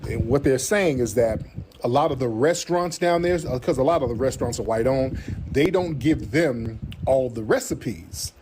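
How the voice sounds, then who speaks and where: A man with kids hosting a live stream, chatting casually in an animated, slangy way and repeating himself. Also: mid-range voice, normal speed. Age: adult, has kids. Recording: noisy stream audio.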